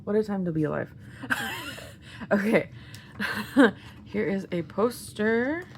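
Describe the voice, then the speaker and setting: Giggly excitable woman with a gravelly voice. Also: mid-range voice, a little slow, slight background noise. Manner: excitable, gushing, giggly, often half-whispered. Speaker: vlogger unboxing albums. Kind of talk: casual unboxing chat.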